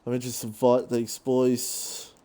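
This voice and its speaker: A man giving rambling, excitable live commentary on an online racing league, saying he is out of breath. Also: medium pitch, slow. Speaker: race commentator.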